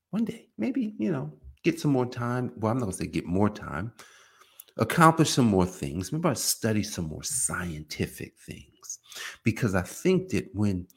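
A man hosts his own podcast and gives an emphatic motivational talk. His slightly husky voice swings widely in pitch as he pushes each point. He repeats key phrases and often restarts mid-sentence. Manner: emphatic and repetitive, with frequent restarts; self-described emotional. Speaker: podcast host.

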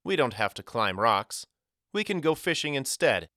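A man voicing a gruff, dismissive boy in an audiobook. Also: mid-range voice, sing-song, moderate pace, bright, forceful tone, dry recording, clean studio sound, voice pushed up.

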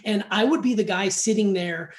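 A man's voice: sits high, normal speed. Chatty man in a roomy echo. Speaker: guest. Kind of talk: casual storytelling.

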